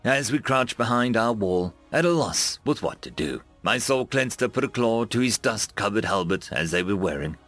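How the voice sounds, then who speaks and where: A man reading a military science fiction story aloud, narrating with a dramatic, lively delivery. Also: lowish voice, normal speed, hardly any pauses, soft background music. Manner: lively, dramatic reading with raised voices for dialogue. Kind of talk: scripted sci-fi story narration.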